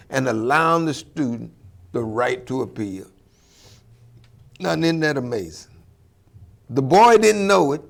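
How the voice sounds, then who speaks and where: A man hosting a commentary show, talking in an animated, preachy and emphatic way. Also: on the high side, creaky.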